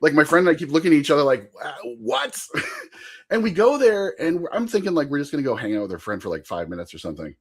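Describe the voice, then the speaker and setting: Podcast guest, young man, animated storyteller with a lively voice. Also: fairly high pitch, fast talker, breathy edge. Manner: animated, laughing, rambling anecdote. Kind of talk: casual storytelling.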